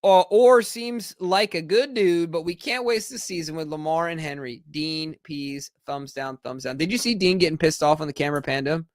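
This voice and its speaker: Co-host: excitable congested guy, high voice, dry close sound. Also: normal speed, hardly any pauses, no echo. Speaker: sports podcast co-host. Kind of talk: casual sports talk.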